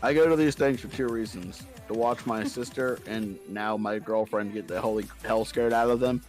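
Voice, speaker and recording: A man's voice: normal speed, faint music behind. Playful man telling prank stories. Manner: playful prankster, jumps into high squeaky voices for quotes. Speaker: podcast guest. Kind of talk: casual storytelling chat.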